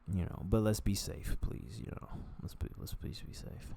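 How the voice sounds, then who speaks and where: Low-voiced man rambling to camera. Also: moderate pace, vocal fry, mellow, breathy edge. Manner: rambling, self-talking, digressive. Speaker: vlogger. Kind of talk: casual monologue vlog.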